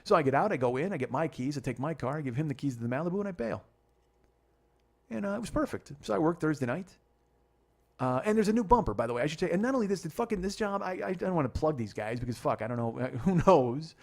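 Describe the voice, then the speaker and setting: A man's voice: a little high, expressive, darkish tone. A man hosting a comedy podcast, telling a story in a profane, exasperated rant. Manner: profane, exasperated, fast rambling rants. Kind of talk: ranting comic storytelling monologue.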